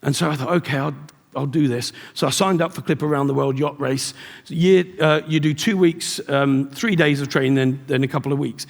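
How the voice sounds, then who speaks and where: Gravelly middle-aged male keynote speaker, storyteller, recorded live in a reverberant hall. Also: on the high side, a little fast. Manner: storytelling with acted-out dialogue. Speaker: motivational speaker. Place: large event hall.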